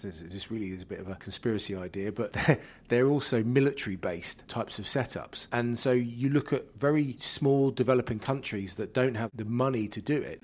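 A man's voice: medium pitch, darkish tone. A man in a casual discussion, explaining at length, hedging and restarting his sentences.

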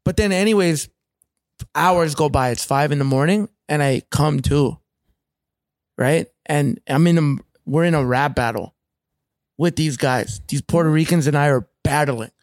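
A Canadian man tells a rowdy story in a high, lively voice, swearing freely and slipping into other people's voices. The sound is close and dry, with no room around him. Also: unhurried, dry recording. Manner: profane, animated, acts out other people's voices. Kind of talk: casual storytelling.

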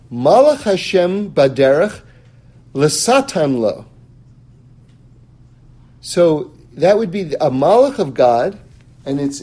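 Man, scripture teacher, high voice, animated, chuckles, repeats words. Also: rough recording. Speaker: religious teacher.

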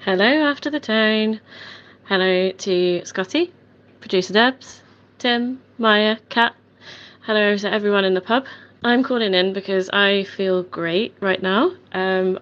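A woman's voice: mid-range voice, fairly bright tone. Female caller with a frank, defiant voicemail, sweary delivery, on a dull lo-fi phone recording. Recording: dull lo-fi voice message.

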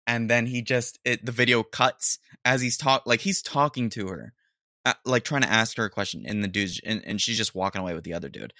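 A man hosting a podcast, giving casual, excitable reaction commentary with slangy talk and bursts of laughter. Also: on the low side, a little fast, no echo, studio quality. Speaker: podcast host.

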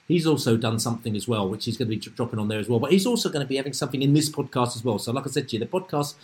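A man hosting a football podcast at a rapid clip, words tumbling out in an excitable ramble. He keeps circling back on himself with stock phrases. His voice sits at an ordinary middle pitch. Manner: excitable, rambling, repeats "like I said to you". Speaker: podcast host. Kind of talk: casual podcast chat. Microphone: remote call.

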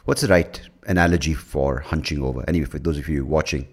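Deep-voiced male podcast host; loose, meandering solo talk full of fillers and casual swearing, recorded close to the mic. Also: quick pace. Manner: rambling, with many fillers and restarts; swears freely. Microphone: leaning in close to the mic.

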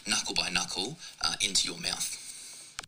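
A man reading a mock-scientific joke in a deadpan, matter-of-fact voice note. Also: sits low, measured pace, full character voice, poor audio. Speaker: dating app voice note sender.

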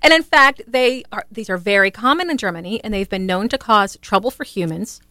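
A woman's voice: medium pitch, fairly quick, sharp tone, dry recording, studio quality. A woman podcast host reading out quirky news stories in a casual, giggly way.

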